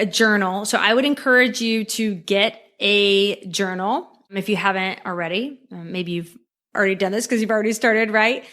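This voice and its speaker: A woman's voice: mid-range voice, fairly bright tone. A woman hosting a podcast, giving upbeat motivational coaching and talking straight to the listener, checking in with a frequent "okay?". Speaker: podcast host.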